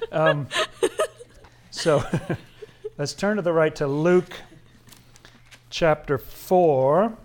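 A man's voice: fairly high pitch, extremely slow, pauses often, a little mellow. A man leading a Bible study, commenting on scripture in a casual, chatty way with frequent chuckles and emphatic asides.

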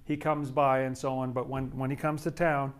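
A man's voice: medium pitch, flat delivery, smooth. Chatty man leading a Bible study. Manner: chatty and halting, with fillers, restarts and chuckles. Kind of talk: informal Bible study commentary.

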